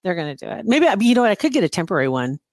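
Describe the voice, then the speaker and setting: A woman's voice: medium pitch, big pitch swings, very fast, darkish tone, no room sound, clean studio sound. A woman chatting casually and telling a story, wry and exasperated, laughing often between lines. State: recovering from knee surgery. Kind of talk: casual chat.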